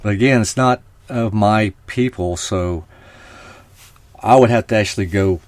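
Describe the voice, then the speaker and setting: Chatty low-voiced man hosting a stream. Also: a little slow, no room sound. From Oklahoma. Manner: chatty, rambling, talks to viewers. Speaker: podcast host. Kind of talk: casual live-stream talk.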